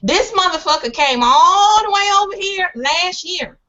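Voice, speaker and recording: A woman's voice: extremely high pitch, lively intonation, measured pace, sharp tone. Sassy woman, muffled call audio. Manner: sassy, teasing, playful. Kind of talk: casual online chat show.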